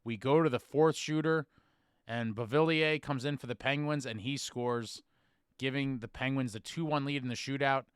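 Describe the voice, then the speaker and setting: A man hosts a fan podcast and walks through a hockey shootout shot by shot. His voice is smooth and clear at a middle pitch. It is recorded close and dry, with no room sound. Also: normal speed, dry recording. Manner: animated storytelling, bursts into shouted chants when reliving moments. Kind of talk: excited game recap.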